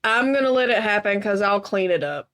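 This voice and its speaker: A woman playing a tabletop game, speaking gently and soothingly at a slow pace. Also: mid-range voice, lively intonation. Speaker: player.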